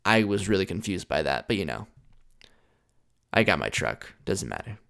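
A man's voice: deep voice, sing-song, normal speed, gravelly, a bit bright, no room sound, clean studio sound. Blunt, rambling male podcast host. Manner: blunt, rambling, self-deprecating storyteller. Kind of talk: casual storytelling monologue.

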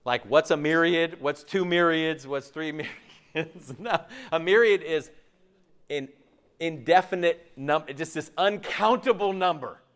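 A man preaching a sermon in a lively, conversational way, joking and asking the congregation frequent questions. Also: a little high, a little slow. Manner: asks the audience frequent questions. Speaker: pastor.

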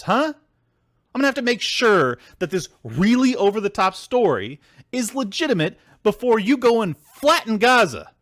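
Male podcast host: lively, swooping pitch, sarcastic and profane rant, dry close recording. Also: no room sound. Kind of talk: ranting political commentary.

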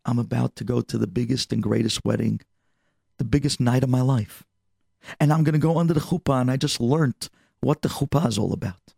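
The figure is an earnest young groom, sincere and gently pleading, voiced by a man telling the story. The voice sits slightly low and carries a husky, gravelly grain. It is recorded dry and close. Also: fairly quick, no echo.

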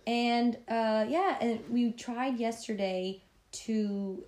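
A woman's voice: fairly high pitch, takes it slowly, a little mellow, echoey room. Tired Canadian woman chatting late at night. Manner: chatty, laughs often, trails into restarts. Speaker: podcast co-host. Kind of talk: casual late-night chat.

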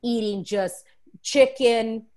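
A woman's voice: on the high side, slow. A woman interview guest telling a frank, emotional personal story, acting out the voices of the people in it. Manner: emotional, expressive, acts out quoted voices; frank, confessional.

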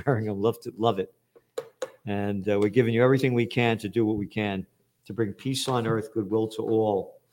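A man hosting a show, ranting with angry, profane commentary and shouting outbursts. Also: on the low side, slight background noise. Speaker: show host.

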